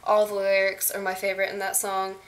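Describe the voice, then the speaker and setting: A woman's voice: medium pitch, completely flat delivery, a little fast. Gushing chatty young woman. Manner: gushing, chatty, many fillers. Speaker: fan vlogger. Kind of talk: casual chat. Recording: faint hiss.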